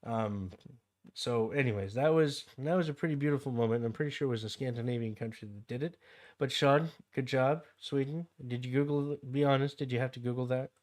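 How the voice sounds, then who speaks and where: A young adult man with a Canadian accent hosts a casual game livestream, speaking fairly quickly in a medium-pitched, slightly mellow voice. He rambles, wanders off into anecdotes, and reads chat aloud as he answers it.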